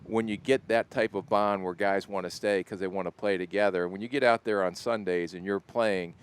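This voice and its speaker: A middle-aged man with an Ohio accent, a football executive speaking as a guest in a radio interview, relaxed and self-deprecating. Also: low-pitched, a little fast, a little hiss or hum. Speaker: NFL general manager guest.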